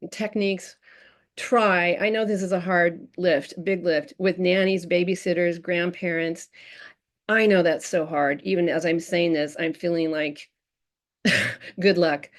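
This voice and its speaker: A woman presenting a parenting workshop in an informal, chatty way, with many fillers and restarts. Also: medium pitch.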